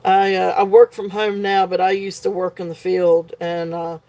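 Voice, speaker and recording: A woman's voice: on the low side, little pitch movement, normal speed, warm tone. A woman at home hosting a live jewelry sale, gushing over each piece with many ums. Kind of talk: live auction selling.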